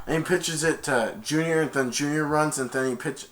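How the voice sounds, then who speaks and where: At a moderate pace with hardly any pauses, a man breezily summarizes a movie's plot as a reviewer, connecting everything with "and then." He keeps jumping into loud, high-pitched quotes from the characters.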